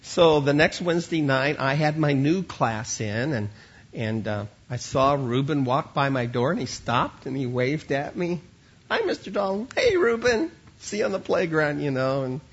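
Man, husky voice, earnest sermon testimony, repeats words, muffled lo-fi recording. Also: medium pitch. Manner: earnest, repeats words when starting lines. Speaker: children's ministry teacher.

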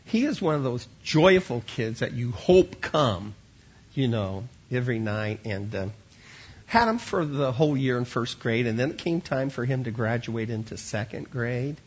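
A man's voice: medium pitch, animated, normal speed, slightly rough, dull audio. A man who teaches children at church, telling an earnest sermon-style story and often repeating words as he starts a line.

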